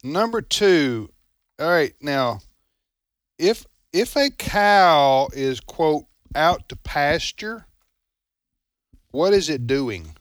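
A man's voice: fairly high pitch, slow, dry recording, studio quality. A man co-hosting a radio trivia show, teasing callers and posing questions. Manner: animated, teasing. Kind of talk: casual radio chat.

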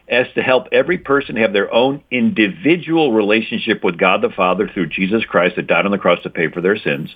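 Guy lecturing hard about church history, keeps saying right?, sounds like a phone line. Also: lowish voice. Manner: lecturing, repeats key points with "right?". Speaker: guest speaker on Christian history. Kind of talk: emphatic explanatory talk.

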